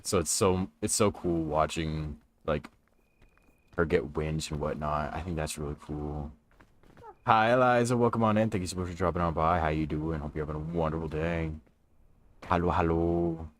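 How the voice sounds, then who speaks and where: A man's voice: very deep voice, fairly even intonation, normal speed, slight background noise. A young man chatting casually with viewers on a gaming livestream from his room, laid-back and talkative, greeting people as he plays. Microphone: stream microphone.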